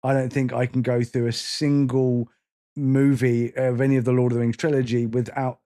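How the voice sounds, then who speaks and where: A man's voice: medium pitch, flat delivery, normal speed, mellow. A middle-aged man co-hosting a podcast, talking openly and emotionally in casual chat, often restarting his sentences. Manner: open, emotional, rambling with restarts. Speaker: podcast co-host.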